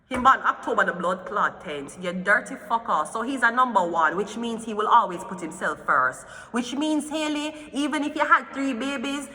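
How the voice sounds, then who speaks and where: A woman's voice: medium pitch, bright, forceful tone, long reverb tail. A woman, a tarot reader ranting in heated gossip commentary, swearing freely. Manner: profane, heated, swearing often.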